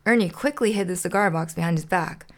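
A woman's voice: on the low side, fast talker. Woman reading a storybook aloud. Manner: playful, laughs to herself. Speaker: podcast host.

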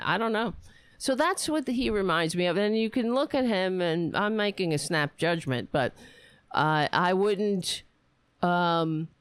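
A woman's voice: fairly low pitch, smooth, no room sound. A woman, raised on Staten Island, giving blunt, indignant political commentary and swearing freely into a close mic. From Staten Island, New York. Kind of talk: ranting casual commentary.

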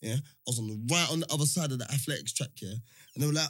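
A young man, animated and full of slang, telling a story in casual chat. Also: medium pitch, racing.

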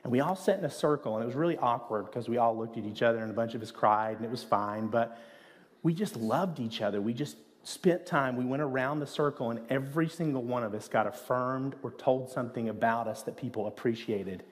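A man's voice: mid-range voice, fairly quick. A man preaching a sermon as pastor, speaking in an earnest, conversational way with rhetorical asides. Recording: long hall reverb.

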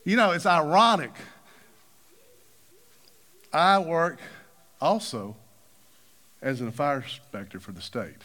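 A man's voice: slow, long pauses. A man preaching a sermon, acting out the people in his stories with big swings of voice. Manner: animated, acts out quoted figures with big pitch swings.

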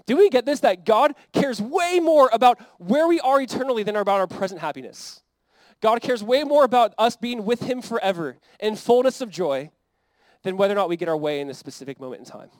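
Earnest, high-voiced American pastor preaching. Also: male voice, expressive, brisk, darkish tone, no echo, poor audio. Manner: conversational, earnest preaching with acted-out quotes. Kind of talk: sermon.

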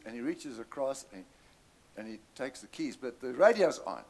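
A man's voice: medium pitch, animated, normal speed, pauses often, darkish tone. A man preaching a sermon, telling a story animatedly and calling out to his congregation.

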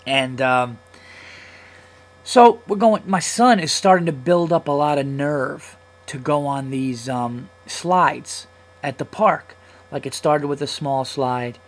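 A man's voice: a little high, takes it slowly, poor audio. Profane, heated man in his thirties. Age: 30s. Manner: profane, heated, animated retelling. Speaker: comedian podcast host. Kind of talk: casual storytelling monologue.

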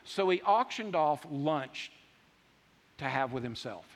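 A man preaching a sermon, emphatic and repetitive, swinging from loud declarations to hushed asides. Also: on the high side, expressive, slow. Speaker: pastor. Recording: long hall reverb.

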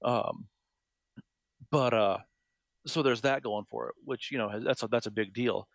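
Male, 30s, mid-pitch with a gravelly rasp, casual swearer, dry sound. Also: unhurried, no echo. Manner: rambling, emphatic, swears freely. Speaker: podcast guest. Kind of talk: casual discussion.

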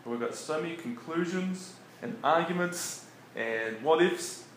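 A man's voice: on the high side, a little slow. Man preaching in an echoey room. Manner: relaxed, chuckles often between points. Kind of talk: conversational sermon. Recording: echoey room with faint background noise.

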